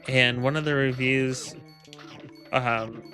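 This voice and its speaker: A man's voice: mid-range voice, steady tone, slow, sharp tone, faint music behind. A man casually telling a rambling, profane story, full of ums, laughs and quoted lines. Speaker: gaming video creator. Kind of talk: casual storytelling over gameplay.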